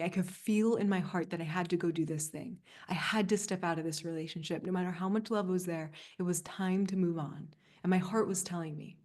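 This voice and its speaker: A woman in her thirties coaching a group over a video call, earnest and soft-spoken, with frequent fillers and little laughs. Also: mid-range voice. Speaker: spiritual coach leading a group session. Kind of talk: live community coaching session.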